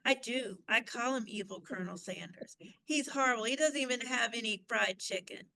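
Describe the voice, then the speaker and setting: Southern woman panelist, bright forceful voice, dry close sound, blunt and animated. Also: on the high side, moderate pace, creaky, no echo, rough recording. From American South. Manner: blunt, animated ranting with whispered asides. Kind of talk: casual fan chat.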